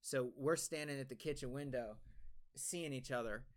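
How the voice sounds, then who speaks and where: A man's voice: medium pitch, moderate pace. A young man co-hosting a podcast, telling a long story in casual, rambling talk full of swearing and restarts. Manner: rambling, profane, many restarts. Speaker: podcast co-host.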